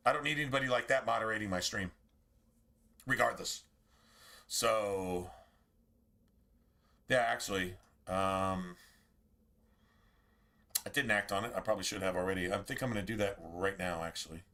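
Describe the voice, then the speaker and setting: A man's voice: on the low side, normal speed, pauses often, bright, forceful tone. A man streaming a game and chatting casually to his viewers, rambling and swearing freely. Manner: rambling, profane, talks straight to chat. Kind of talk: casual livestream chat.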